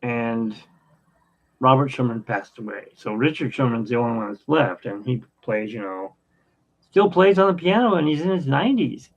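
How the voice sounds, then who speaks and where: A man in his fifties talks in a gravelly, creaky voice, drifting from story to story with many ums and restarts. His pitch sits in the middle range. The sound is dull and lo-fi. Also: animated. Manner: rambling, anecdotal, halting with fillers. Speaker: podcast host. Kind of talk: casual rambling chat.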